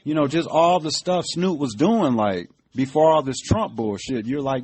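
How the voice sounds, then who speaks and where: A man's voice: on the high side, moderate pace, a little mellow, slightly rough. Emphatic middle-aged man, cussing freely. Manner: emphatic, profane, conversational with frequent fillers. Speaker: podcast host. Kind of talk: casual political commentary.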